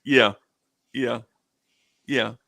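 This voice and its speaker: A man hosting a casual live stream, reading viewer comments and telling stories in a slangy, laughing, animated way. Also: medium pitch, very slow, creaky, no echo.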